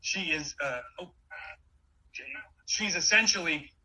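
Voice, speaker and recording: A man in his forties giving an energetic motivational talk, with many quick restarts. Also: fairly high pitch, poor audio. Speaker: keynote speaker.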